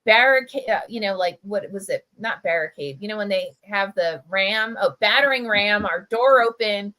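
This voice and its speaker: A middle-aged woman tells a story over a video call livestream. Her voice is bright and forward, at a middling pitch. She talks in a loose, chatty way and fills her sentences with "like", "you know" and "right?". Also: moderate pace, poor audio. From Camden, New Jersey. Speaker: press editor.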